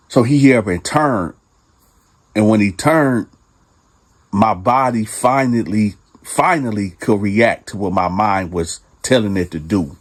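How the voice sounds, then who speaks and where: A man casually telling a true prison story in slangy, profane talk, calling his listeners "y'all.". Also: on the low side.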